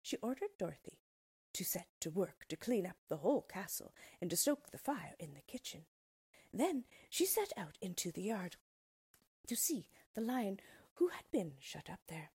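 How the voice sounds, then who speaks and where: A woman's voice: on the low side, big pitch swings, normal speed, darkish tone, breathy edge. A woman reading a storybook aloud, narrating expressively and unhurriedly.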